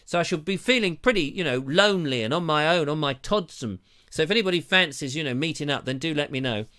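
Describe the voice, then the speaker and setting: A man's voice: on the high side, animated, quick pace, bright, forceful tone. A man from hosting a live show, rambling in a chatty, self-mocking way with a slightly dry throat. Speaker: show host. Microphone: lapel mic.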